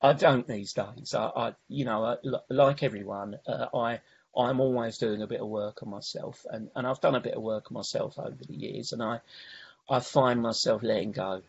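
A man's voice: medium pitch, steady tone, normal speed, creaky, breathy edge, muffled recording. A man sharing his recovery story at a meeting, rambling, with many restarts and "you know"s. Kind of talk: personal recovery share.

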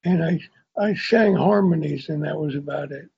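Older man with a sore tongue, husky. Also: fairly high pitch, normal speed, darkish tone, highs cut off. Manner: candid, rambling, self-deprecating storytelling. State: sore tongue, speaking carefully. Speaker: recovery meeting speaker. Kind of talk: personal recovery share.

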